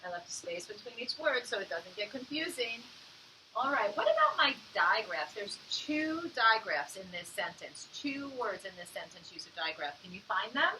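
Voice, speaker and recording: An encouraging woman teacher leads young children through a phonics lesson and sounds out each word slowly. Her voice is bright and clear. She is a little away from the mic, with faint room noise behind her. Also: medium pitch, sing-song, recorded from a distance, rough recording.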